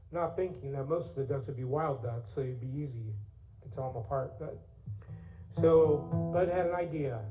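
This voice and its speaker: At a church service, a man spins a folksy, conversational tale, turning now and then to address the audience, and his storytelling is woven with song. His voice sits on the high side and moves at normal speed. The audio is echoey and tinny, and the guitar comes through loud.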